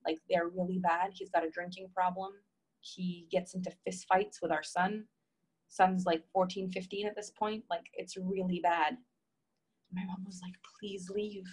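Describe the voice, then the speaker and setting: A woman's voice: fairly low pitch, level tone, normal speed, low-quality recording. Woman coach, live session reading viewer comments, emphatic, heartfelt, repetitive. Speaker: relationship coach.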